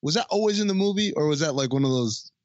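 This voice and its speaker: A man's voice: a little high, lively intonation, quick pace, no echo, dull audio. A man co-hosting a podcast, chatting about a film in a laid-back, amused way. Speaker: podcast co-host. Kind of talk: casual movie talk.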